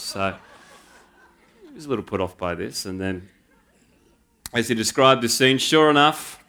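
A man preaching a sermon, telling a story in a relaxed, anecdotal way with dry asides. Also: mid-range voice, a little slow, pauses often. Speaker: pastor.

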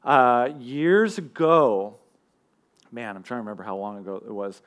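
A young man preaches in a relaxed, chatty way, telling stories about himself with plenty of fillers. His voice sits at an ordinary middle pitch. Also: normal speed. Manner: conversational, self-deprecating storytelling with fillers. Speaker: college group teacher and preacher. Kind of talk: casual sermon.

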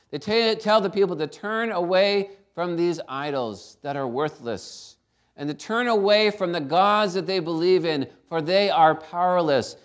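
A man preaching a sermon, emphatic, asking his listeners for responses. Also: fairly high pitch. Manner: emphatic, calls for congregation responses.

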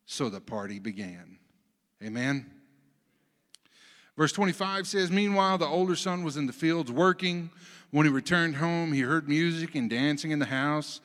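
A man's voice: a little high, normal speed. Folksy preacher man in a reverberant hall. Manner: storytelling, folksy, swings between soft asides and loud emphasis. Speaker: pastor. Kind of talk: sermon.

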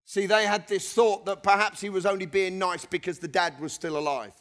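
His voice sits high and his pace is brisk as this middle-aged male preacher works through scripture. He's animated, chuckling between points, tossing in conversational remarks and repeatedly calling for responses from the congregation.

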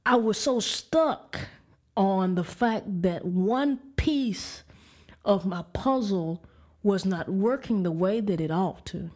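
A woman's voice: medium pitch, lively intonation, slow pace, a little mellow. Woman preacher telling her own story, candid, chatty, restarts a lot. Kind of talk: personal testimony sermon.

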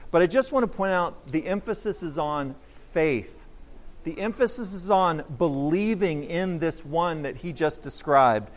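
Earnest high-voiced male preacher. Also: animated, unhurried. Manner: earnest, emphatic, repeats words while building points. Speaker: pastor. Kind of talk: expository sermon.

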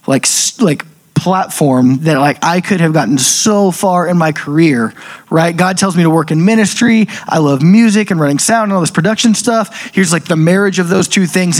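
Chatty man telling a personal testimony. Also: a little high. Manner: chatty, full of "like" fillers, animated quoted asides. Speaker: speaker sharing a personal testimony. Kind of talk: casual storytelling talk.

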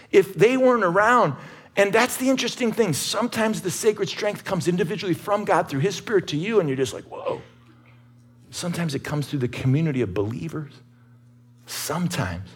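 A middle-aged man preaching a sermon as pastor, husky-voiced, telling stories and rising to emphatic peaks. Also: fairly high pitch. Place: church sanctuary.

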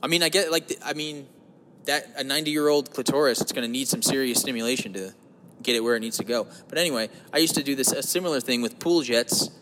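Alone in his parked car, a podcast host from New Jersey, United States, delivers a quick, crude, joking monologue laced with profanity and bursts of loud voices. His pitch is medium, and the recording has a big-room sound with slight background noise.

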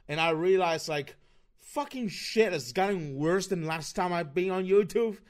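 A man hosting his own livestream podcast, ranting excitably and swearing freely in casual talk. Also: fairly high pitch. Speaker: podcast host.

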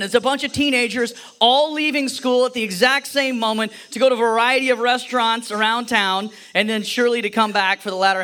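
Man preaching, high voice, bright tone, storytelling, playful, acts out voices. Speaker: pastor. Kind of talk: sermon with personal story.

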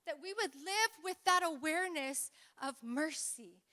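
Woman preacher, bright and high, storytelling sermon with call-and-response, long hall echo. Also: expressive, measured pace. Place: church hall.

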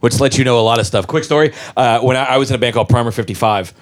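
Fast-talking, profane storyteller man. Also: mid-range voice. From Memphis, Tennessee. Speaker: musician guest. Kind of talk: casual storytelling chat.

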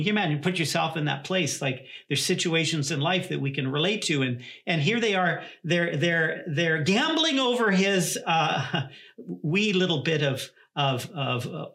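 A man's voice: a little high, expressive, normal speed, a bit bright. A male pastor preaching a sermon in an earnest way, often repeating words and restarting his sentences.

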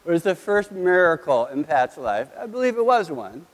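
Man, pastor, middle-aged, storytelling sermon, slightly high voice, animated, long hall echo. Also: moderate pace, few pauses, a little hiss or hum. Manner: animated, acts out his sons' voices.

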